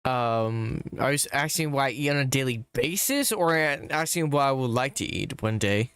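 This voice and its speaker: A young man streaming and talking to an AI character, blunt and deadpan, picking apart what it says with pointed questions. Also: mid-range voice, moderate pace, smooth, no room sound. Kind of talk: casual live-stream chat.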